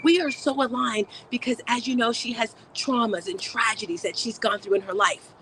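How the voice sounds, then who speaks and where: A woman with a slightly high voice hosts a motivational live stream at normal speed against a noisy background. She's upbeat and chatty, speaking directly to her viewers.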